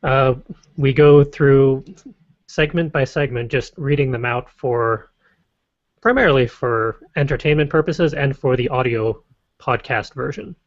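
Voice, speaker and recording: A man hosting a podcast and explaining its format in a relaxed way. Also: mid-range voice, unhurried, no echo. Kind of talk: casual chat. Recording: dry, muffled lo-fi audio.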